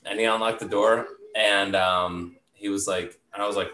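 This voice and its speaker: A man with a lowish voice and a bright, forceful edge rambles through a story, leaning on filler words. The sound bounces around an echoey room. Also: steady tone, normal speed, hardly any pauses. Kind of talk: casual storytelling chat.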